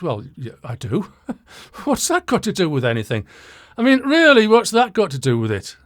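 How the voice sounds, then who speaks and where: A man's voice: fairly high pitch, wildly swooping pitch, normal speed, no room sound, studio quality. An older man, hosting a channel and reading out viewer comments with wry, chuckling humor. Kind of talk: casual talking-head commentary. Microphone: shotgun mic.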